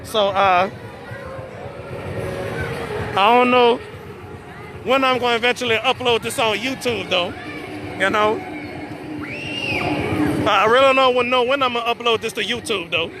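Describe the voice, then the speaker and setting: Stammering high-voiced man hosting a live stream. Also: measured pace, pauses often, noisy background. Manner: stammering, repeats words, chatty. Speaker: host of a live stream show. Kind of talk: casual live-stream commentary. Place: outdoor birthday party. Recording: phone recording outdoors, party music and crowd. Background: music and children at a party.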